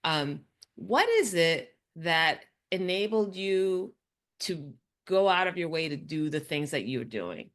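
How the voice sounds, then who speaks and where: Woman host, affirming interviewer, lower register, relaxed conversational delivery. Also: slow pace. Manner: affirming, frequent soft acknowledgments. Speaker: podcast host.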